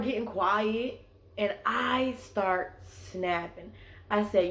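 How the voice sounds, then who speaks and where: A young woman vlogger with a mid-range voice speaks extremely slowly. She tells a story in an animated, casual, slangy manner full of fillers and many "like"s. The recording has an echoey room sound.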